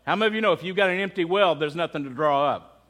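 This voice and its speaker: A man's voice: on the high side, quick pace, fairly bright tone. A man preaching a sermon, telling a story and asking the congregation questions. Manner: storytelling with quoted voices, asks the congregation questions. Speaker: pastor.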